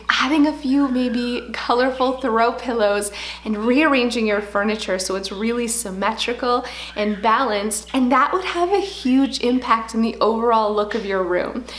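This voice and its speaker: A woman in her thirties, a home decor vlogger telling a story in casual, animated chat. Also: fairly high pitch. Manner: chatty, animated storytelling with laughs. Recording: echoey room.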